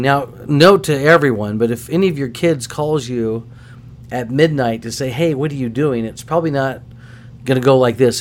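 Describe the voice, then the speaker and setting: A middle-aged man hosting a podcast, telling stories casually in an animated, self-deprecating way. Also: mid-range voice, moderate pace. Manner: animated, self-deprecating, acts out voices in anecdotes. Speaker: podcast host. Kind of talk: casual storytelling.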